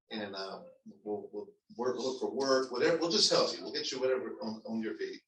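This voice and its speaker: A man who is a pastor, telling a personal story to his congregation in a conversational, halting way with restarts. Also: fairly low pitch, sharp tone, a little hiss or hum. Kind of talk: storytelling sermon. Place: church sanctuary. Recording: echoey church hall, mic at a distance.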